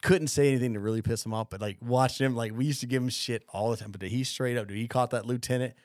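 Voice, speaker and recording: Young male podcast host, mid pitch, dry close sound, rambling and profane. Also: steady tone, quick pace, dry recording. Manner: profane, rambling, full of fillers. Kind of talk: casual storytelling chat.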